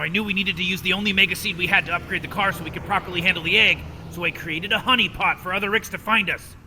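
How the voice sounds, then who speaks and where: A man's voice: sits high, bright, forceful tone, exaggerated voice. A man voicing a cynical, scheming mad scientist grandfather in a video game, rambling in a dismissive, condescending way. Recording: game audio with long reverb and faint noise.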